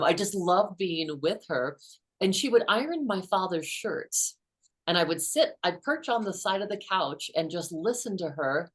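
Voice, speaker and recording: A middle-aged woman author, a guest in an interview, telling personal stories in an animated way and acting out the quotes. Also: fairly low pitch. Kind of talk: conversational interview storytelling.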